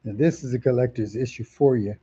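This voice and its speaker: A man's voice: medium pitch, fairly quick, warm tone, husky, dull audio. Chatty man hosting a live comic auction. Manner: chatty, repeats prices and titles, reads out viewer comments. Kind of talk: casual live-stream selling.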